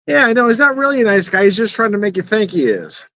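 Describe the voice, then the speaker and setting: Middle-aged male vlogger, outspoken and profane, laughs a lot, lightly raised pitch, dull lo-fi audio. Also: very animated, quick pace, a bit bright, no room sound. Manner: blunt and profane, chuckles often. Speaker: beer and whiskey reviewer. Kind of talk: casual rambling vlog. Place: outdoors in the evening. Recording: dull, slightly lo-fi and dry.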